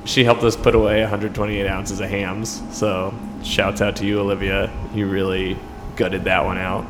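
A man's voice: lowish voice, flat delivery, moderate pace, long reverb tail, background noise. A young man from New York co-hosting a podcast, chatting casually and joking. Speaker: podcast co-host. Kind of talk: casual chat. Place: rented apartment room.

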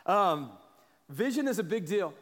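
High-voiced pastor man with a cough. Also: measured pace, in a large hall. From Kansas, US. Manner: storytelling, animated, rising to shouts in the story. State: has a cough. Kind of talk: sermon.

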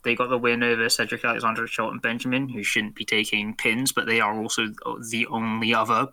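Bright-voiced man rambling through news. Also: medium pitch, completely flat delivery, a little fast. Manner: rambling, laughs often. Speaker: podcast co-host. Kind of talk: casual podcast chat.

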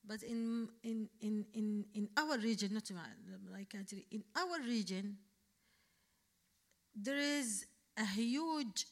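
A woman from Yemen, an Arabic native speaker with a Yemeni accent, answering questions as a guest speaker at a public talk in halting English full of restarts, building to firm emphasis. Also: a little high.

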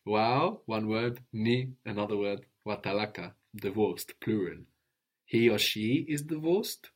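With a fairly low-pitched voice, a man gives a language lesson, patiently drilling vocabulary, slowly repeating the learner's answers and praising them.

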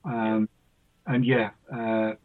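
A man's voice: on the low side, little pitch movement, drawn-out words, phone-quality sound. A man with a Sunderland accent, chatting as a guest in a friendly, jokey way. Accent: Sunderland English. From North East England. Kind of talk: casual chat.

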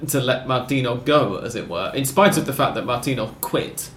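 A man's voice: mid-range voice, lively intonation, normal speed, slight background noise. Man, podcast host, rambling, wry self-corrections, roomy sound, faint ambience. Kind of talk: casual football podcast chat.

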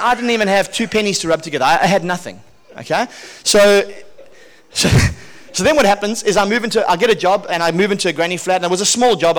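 Man, pastor, sermon, storytelling, chuckling, repeats phrases, slightly high voice. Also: a bit bright. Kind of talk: sermon with personal testimony.

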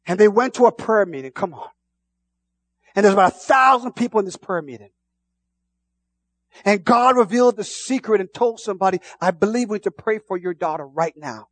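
A man pastor preaching a sermon, moving from quiet asides to shouted, fervent passages. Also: high voice, a little fast, no room sound.

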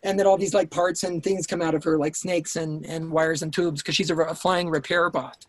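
Male guest, intense storyteller, a bit high-pitched, dry close sound, swears and restarts a lot, remote call. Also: level tone, normal speed, dry recording. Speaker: writer-director guest. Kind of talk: casual interview storytelling.

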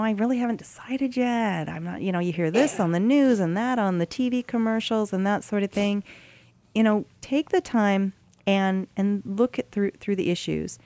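A woman hosts a talk radio show in an earnest, emphatic way and laughs easily. Her voice is mid-pitched. She is recorded close and dry on a studio microphone. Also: a little mellow, no echo. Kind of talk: casual talk radio chat.

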